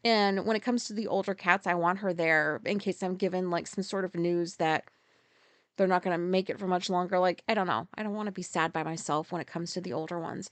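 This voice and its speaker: A woman's voice: fairly low pitch, fairly even intonation, a little fast, no echo. Swearing, rambling woman podcaster. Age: 40s. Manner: rambling, swears freely, acts out her own outbursts loudly. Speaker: podcast host. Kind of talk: casual solo podcast storytelling. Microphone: podcast mic.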